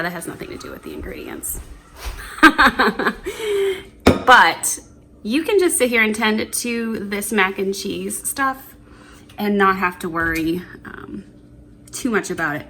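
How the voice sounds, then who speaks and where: A woman's voice: on the high side, bright, forceful tone, a little hiss or hum. A woman vlogging a cook-along in her home kitchen, chatty and giggly, rambling with fillers as she talks to the camera. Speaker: cooking vlogger. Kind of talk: casual cook-along chat. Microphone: camera on a tripod.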